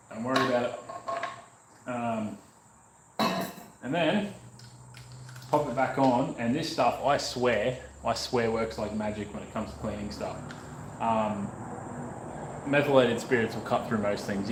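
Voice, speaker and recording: In an echoey workshop with faint background noise, a North Queensland Australian man who vlogs about restoring motorcycles chats and jokes casually, wandering into rambling asides while he works. His medium-pitched voice keeps a measured pace, with frequent pauses.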